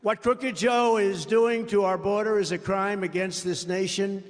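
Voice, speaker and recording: A political candidate at a campaign rally gives a rambling, boastful speech into a podium microphone in a large venue, tossing off-the-cuff asides to the crowd. His high-pitched voice holds a steady tone and moves a little slowly. The big hall adds a long reverb.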